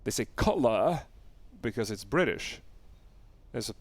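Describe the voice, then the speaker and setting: A man with a lowish, creaky voice streams a video game, casually fielding viewer questions with laid-back pauses and fillers. There's no room sound on the recording.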